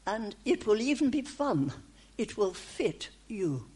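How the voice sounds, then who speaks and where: A woman delivers a prophetic message in the voice of God, speaking in short, repeated, reassuring phrases. She speaks slowly, with long pauses between her words. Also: medium pitch, big pitch swings, a little mellow, breathy edge. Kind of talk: prophetic speech in the first person as God.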